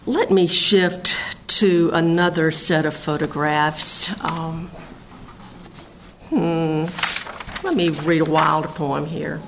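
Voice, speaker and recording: A woman poet reading her own poems aloud in a measured recitation, with hesitant, chatty asides between the pieces. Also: low-pitched, steady tone, vocal fry, a bit bright, slight background noise, low-quality recording. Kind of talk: poetry reading.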